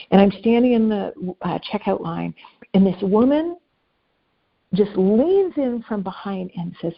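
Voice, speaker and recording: A woman guest telling personal stories in an earnest, conversational way, dropping softly at tender moments. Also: medium pitch, moderate pace, creaky, husky, dull audio. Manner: earnest, anecdotal, speaks softly at emotional moments. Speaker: podcast guest. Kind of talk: conversational storytelling.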